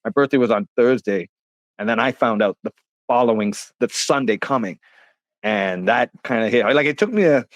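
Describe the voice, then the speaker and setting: A man's voice: medium pitch, expressive, moderate pace, no echo. Rambling man telling stories, dry sound. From Canada. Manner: rambling, many fillers and restarts, acts out quotes. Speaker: interview guest, rapper. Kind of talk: casual storytelling interview.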